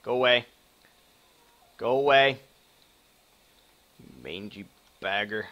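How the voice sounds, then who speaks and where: A young man from Wisconsin streaming a survival game, with a bright, forceful voice at a middle pitch. He swears freely, panics at danger and breaks off to thank and welcome viewers in chat. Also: takes it slowly, dull audio. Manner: excitable, swears a lot, talks to chat. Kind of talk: live gameplay commentary.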